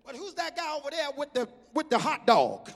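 A male preacher telling a storytelling sermon, breaking into rhythmic shouts. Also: extremely high pitch, sing-song, brisk, gravelly. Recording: echoey hall reverb.

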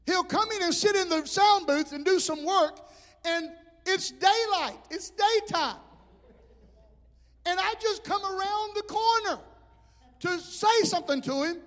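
A man preaching a sermon as pastor, telling animated stories. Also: very high-pitched, unhurried. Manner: animated storytelling with shouted impressions. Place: church hall. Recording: hall reverb.

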